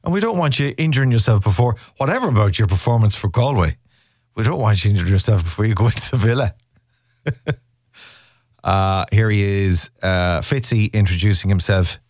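Playful Irish radio host, lively pitch. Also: male voice, fairly quick, dry recording, clean studio sound. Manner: chatty, playful, puts on comic voices. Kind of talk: casual radio chat.

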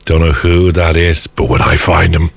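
A man's voice: deep voice, flat delivery, moderate pace, vocal fry, no echo. An Irish man hosting breakfast radio, chatting in a playful, bantering way. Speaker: radio host.

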